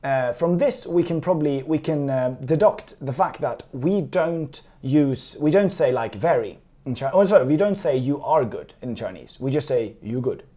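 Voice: medium pitch, lively intonation, moderate pace, hardly any pauses, dark tone. A teacher giving a casual spoken lesson, chatty and digressive, laughing easily. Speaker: language teacher.

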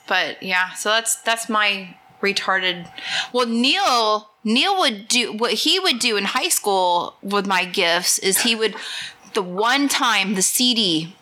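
A woman co-hosting a podcast, telling a story in animated casual chat with frequent laughter. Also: medium pitch, slow. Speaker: podcast co-host.

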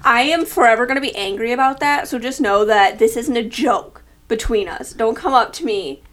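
A woman's voice: a little high, normal speed, a bit bright. Young woman telling a rambling story. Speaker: podcast co-host. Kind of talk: casual chat.

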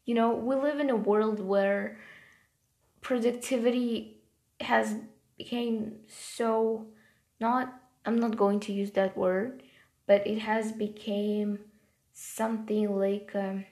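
A woman's voice: medium pitch, steady tone, slow, pauses often. A woman vlogging casually to her viewers, rambling with many filler words and talking with passion about her hobbies and life. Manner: rambling, heavy use of "like" fillers; passionate, then softer and quieter. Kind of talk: casual talk to camera.

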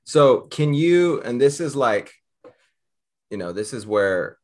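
A man's voice: mid-range voice, very animated, takes it slowly. A man hosting an interview, asking rambling questions full of fillers. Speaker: podcast host. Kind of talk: casual interview talk.

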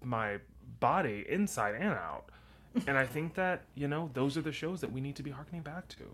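A man's voice: medium pitch, lively intonation, moderate pace, a loud crowd. Rambling, joking podcast guy. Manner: rambling, filler-heavy, joking. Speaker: podcast co-host. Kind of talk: casual chat.

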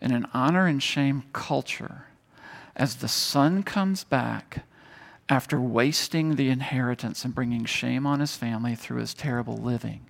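A man preaching a sermon, telling a story and moving between loud emphasis and hushed tones. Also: mid-range voice, unhurried, creaky. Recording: long hall reverb.

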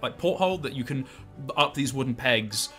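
Guy running a tabletop game, kinda rambly, lots of ums and likes, bright voice, faint music in the background. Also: medium pitch, lively intonation, moderate pace. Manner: rambling, casual, many fillers. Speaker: game master. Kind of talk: narrating a tabletop role-play game.

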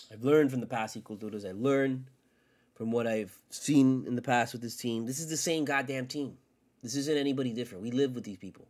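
Profane ranting man hosting a sports podcast. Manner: profane, ranting, swings between loud outbursts and low mutters. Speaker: podcast host. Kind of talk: solo sports rant.

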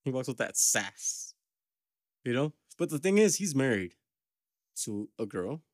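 A man's voice: medium pitch, big pitch swings, unhurried, dry recording. Slangy rambling man, dry close mic. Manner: rambling storyteller, heavy slang and swearing, laughs often. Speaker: podcast co-host. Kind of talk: casual chat.

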